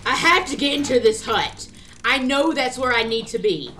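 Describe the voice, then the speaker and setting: A woman playing a video game and commenting in a chatty, excitable way, often talking to the characters. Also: sits high, moderate pace, faint music behind. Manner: chatty, excitable, talks to her game cat. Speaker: let's play gamer. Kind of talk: let's play commentary.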